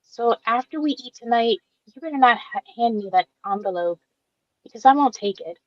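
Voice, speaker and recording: A woman voicing a gentle, tearful young woman with cancer in an amateur radio drama, speaking softly and with feeling. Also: fairly high pitch, animated, dry recording, lightly acted. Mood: pleading. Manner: soft, emotional, slow-spoken. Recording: dull dry lo-fi recording.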